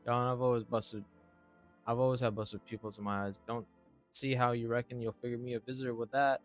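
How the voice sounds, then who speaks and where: A man voicing a loud, folksy old mama with a slow drawl. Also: level tone, soft background music, close to an everyday voice. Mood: scornful. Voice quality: drawling, booming.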